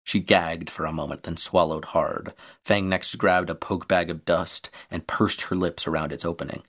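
A man reading an adventure story aloud in steady scripted narration. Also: sits low, moderate pace.

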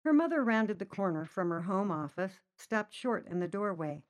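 A woman reading a short story aloud, narrating lively and voicing the characters' lines herself. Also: normal speed. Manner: lively, voices characters with raised pitch. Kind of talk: storybook narration with acted dialogue.

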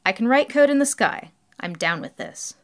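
A woman's voice: a little high, big pitch swings, moderate pace, voice pushed up. A woman voicing a cautious, skeptical young man who questions everything. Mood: wary. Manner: wary, questioning.

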